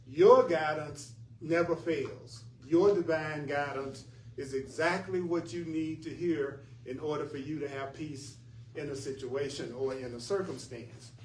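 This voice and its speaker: A man's voice: fairly high pitch, darkish tone, a little hiss or hum. A man teaching a spiritual class in an earnest, emphatic way, often repeating his points. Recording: echoey room from far off, faint ambience.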